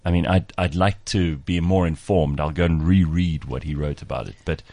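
A man's voice: rumbling low, normal speed, dark tone, no echo. A man hosting a casual radio talk, conversational and asking short questions.

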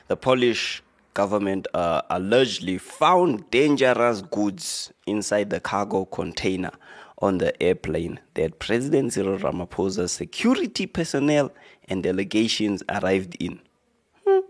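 Male radio host, very low voice, easygoing joking delivery over a news piece. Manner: laid-back, rambling, joking asides with fillers. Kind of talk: casual commentary on a news article.

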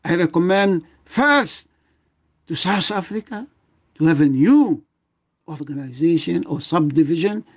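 A man's voice: fairly high pitch, husky, highs cut off. An older man, a guest doctor, speaking with emotion and emphasis in a radio interview, often repeating his words. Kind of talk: impassioned radio interview talk.

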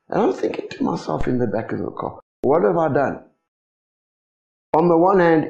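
A man preaches a sermon, his voice rising and falling in a lively, animated swing. His tone is gravelly and fairly high. The sound is echoey and dull, like a lo-fi recording in a church hall. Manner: animated, rhetorical questions to the congregation.

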